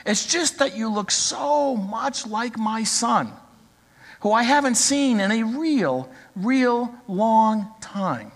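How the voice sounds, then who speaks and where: A man voicing a polite, wistful little old lady in a sermon story, speaking slowly and pleadingly. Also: sits high, expressive, big-room sound, voice pushed up, heavily acted.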